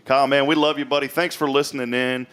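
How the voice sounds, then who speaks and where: A man's voice: mid-range voice, quick pace, clear, resonant tone. A man hosting a local morning show, teasing and telling stories in a casual chat. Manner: jokey, teasing, animated storyteller. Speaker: host.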